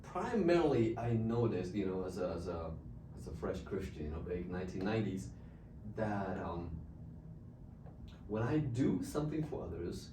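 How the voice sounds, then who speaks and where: A man from the Czech Republic who speaks English with a Czech accent, an expressive missionary telling stories as an interview guest. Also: low-pitched, moderate pace, noisy background. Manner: expressive, laughs often. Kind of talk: animated storytelling. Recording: roomy, distant mic.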